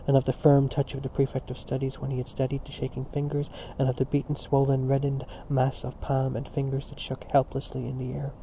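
A man narrating a literary audiobook in a steady, sober reading voice, on a dull lo-fi recording. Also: mid-range voice, slight background noise.

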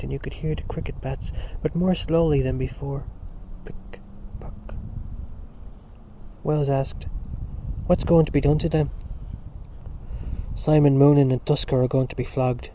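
Man, audiobook narration, very dark mellow tone, dull lo-fi recording, faint hiss. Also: medium pitch, flat delivery, normal speed. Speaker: audiobook reader. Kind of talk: scripted narration.

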